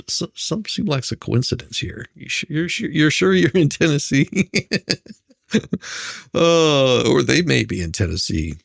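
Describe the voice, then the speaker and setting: A man's voice: mid-range voice, creaky, dry recording, clean studio sound. A man hosting a casual livestream, chatting and greeting viewers by name, laughing often. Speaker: livestream host. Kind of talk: casual live-stream chat.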